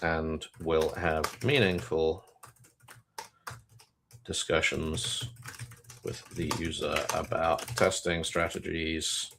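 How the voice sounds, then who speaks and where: Deep, slow-talking dry man. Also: flat delivery, background noise. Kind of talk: casual chat on a live coding stream.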